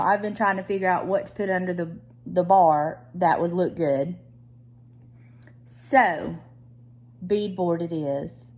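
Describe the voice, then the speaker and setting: A woman's voice: on the low side, a little mellow. A woman with a Southern American accent chatting casually to the camera at home, teasing and laughing often as she talks. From Southern United States. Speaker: lifestyle vlogger.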